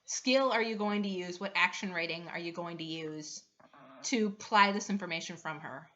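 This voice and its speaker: Giggly woman gm explaining rules, bright voice, muffled lo-fi sound. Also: fairly low pitch, normal speed. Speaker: game master. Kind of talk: narrating and explaining a tabletop game. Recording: dull lo-fi recording.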